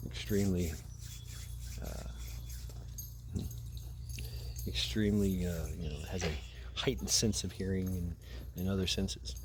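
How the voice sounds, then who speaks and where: Low-voiced man rambling outdoors. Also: slight background noise. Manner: rambling, profane, laughs at his own story. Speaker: vlogger. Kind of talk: casual storytelling, retelling a movie. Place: outdoors by a path.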